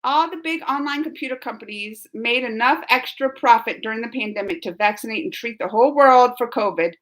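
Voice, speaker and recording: A woman's voice: on the high side, fairly quick. A woman hosting a casual live reaction stream, reading viewer comments aloud in a chatty way and laughing often. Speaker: reaction channel host.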